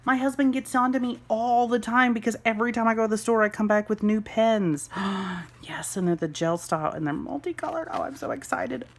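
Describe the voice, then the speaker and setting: A woman filming an excited unboxing vlog at home, gushing and gasping with delight over each gift. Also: on the high side, a little fast. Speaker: homeschool mom vlogger.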